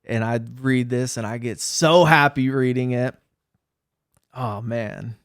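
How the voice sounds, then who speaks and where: A man talking casually to camera in a vlog, laughing at himself and telling a story in an animated, self-mocking way. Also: medium pitch, slow, clean tone, dry recording, studio quality. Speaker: vlogger.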